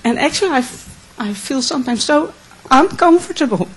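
A woman from the Netherlands asking a question from the floor, earnest, emotional and halting. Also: sits high, animated, slight background noise, low-quality recording. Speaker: audience questioner.

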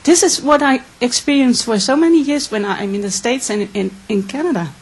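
Woman from the Netherlands, audience question, husky higher voice, earnest and emotional. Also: fairly quick, rough recording.

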